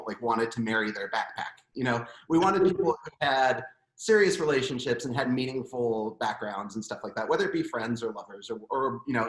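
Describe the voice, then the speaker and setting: A man in his thirties, a guest musician, telling stories in a casual interview, animated and chuckling, with many fillers. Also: medium pitch. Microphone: video call. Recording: roomy echo.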